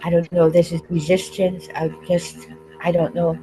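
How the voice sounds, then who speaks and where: A woman on a video call, sharing openly and tearfully, halting often and laughing through her tears. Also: on the low side, flat delivery, music in the background, rough recording. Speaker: participant in an online group call. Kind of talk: emotional open sharing.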